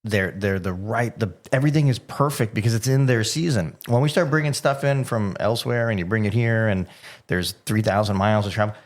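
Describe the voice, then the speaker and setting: A man's voice: lowish voice, brisk. A man co-hosting a podcast in casual chat, thinking aloud and building his point with restarts.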